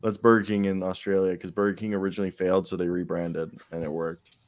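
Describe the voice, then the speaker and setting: A young man trades crude, profane jokes as a podcast co-host. His voice sits somewhat low. He talks in a loose, casual way. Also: level tone, fast talker, no echo.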